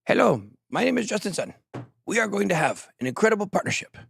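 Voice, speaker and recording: A man's voice: high-pitched, big pitch swings, fast, creaky, a little hiss or hum, pitched above the performer's own voice, heavily acted. A man voicing a hyped male tech founder announcing a partnership, in a vague, shifting put-on foreign accent. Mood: boastful.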